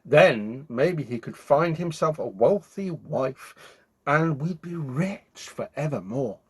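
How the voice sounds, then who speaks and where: A man's voice: fairly high pitch, expressive, slow, breathy edge, exaggerated voice. A man voicing a greedy, scheming old witch woman who cackles and wheedles as he reads a storybook aloud.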